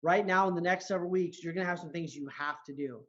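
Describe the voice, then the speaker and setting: A man's voice: on the high side, fast, fairly bright tone, dull audio. A man speaking as a motivational coach and guest on a podcast, earnest, often repeating words as he starts a sentence. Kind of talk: motivational talk.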